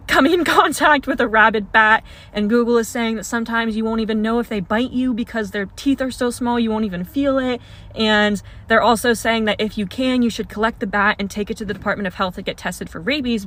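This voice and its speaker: A young adult woman tells a story about herself casually, in the second person, with a bright, forward tone. She laughs now and then as she talks. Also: medium pitch.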